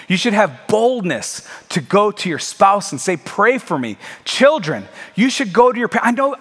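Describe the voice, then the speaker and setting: A man's voice: high voice, a bit bright, big-room sound. A man preaching a sermon in a church sanctuary, with an impassioned, conversational delivery and emphatic repetition. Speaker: pastor.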